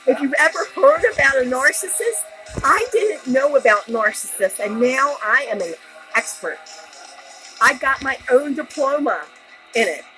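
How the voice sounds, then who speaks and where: Very high-voiced woman, blunt and profane. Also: lively intonation, measured pace, bright, forceful tone, low-quality recording. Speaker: woman telling her personal story. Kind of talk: raw emotional monologue. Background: music.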